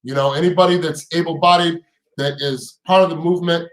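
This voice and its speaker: A man's voice: on the high side, steady tone, fairly quick, echoey room, low-quality recording. A man hosting a casual live stream, talking in heated, profane bursts with repeated words and rising rhetorical questions.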